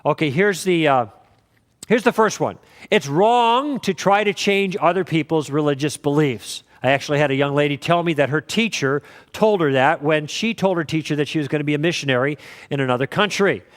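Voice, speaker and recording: A man with a high voice teaches a class, walking through his points in a relaxed, story-driven way. He quotes both sides of past conversations as he explains. The sound rings with a long reverb, as in a lecture hall. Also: a little fast.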